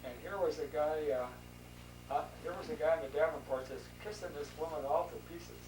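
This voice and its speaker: A man tells a folksy, animated joke at a family gathering, his voice fairly high for a man. He is caught from across a roomy space on a camcorder, with a faint hiss underneath. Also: brisk. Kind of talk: folksy storytelling. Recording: roomy distant home video with hum.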